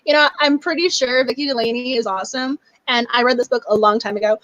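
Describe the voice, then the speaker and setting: Gushing high-voiced young woman host. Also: quick pace, fairly bright tone, no room sound, lo-fi sound. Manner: gushing, effusive and chatty. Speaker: book club host. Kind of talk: casual livestream chat.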